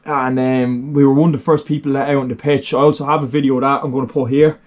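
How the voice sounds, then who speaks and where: A man's voice: medium pitch, little pitch movement, fast. Sweary rambling Irish young man. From Ireland. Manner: rambling, sweary, lots of fillers. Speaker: vlogger. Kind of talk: casual unscripted storytelling.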